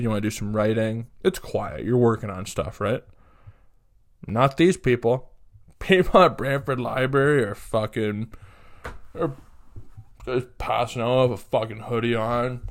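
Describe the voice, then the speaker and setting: Ranting comic podcast host, a man with a mid-range voice, exasperated and foul-mouthed. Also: mid-range voice. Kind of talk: comedic rant.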